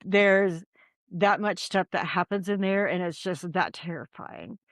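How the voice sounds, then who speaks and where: A woman's voice: on the low side, unhurried, no echo, clean studio sound. A woman who investigates the paranormal, a podcast guest telling a story in a rambling, casual way with many ums and likes.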